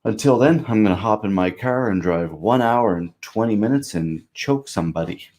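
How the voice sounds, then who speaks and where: A man hosting a casual interview podcast, upbeat and encouraging, talking quickly. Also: fairly low pitch, expressive, a little mellow. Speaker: podcast host.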